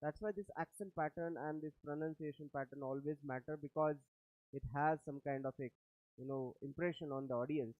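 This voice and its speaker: A male lecturer with an Indian English accent explains points step by step, often asking his class whether they understand. His voice sits a little high. The recording is dry and tinny, close to a phone line. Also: fairly even intonation, a little fast, no room sound.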